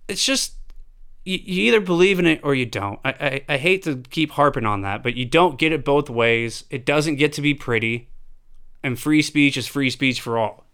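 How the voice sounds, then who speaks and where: Man, opinion rant, smooth clear voice, slightly high pitch, emphatic. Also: normal speed, fairly bright tone. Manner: emphatic, profane, rhetorical questions. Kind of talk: opinionated monologue.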